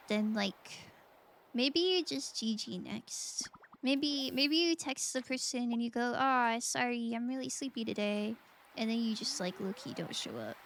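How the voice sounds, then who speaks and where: A woman with a high voice streams a game and chats playfully with her viewers, giggling often as she talks to chat. The recording carries a little hiss or hum.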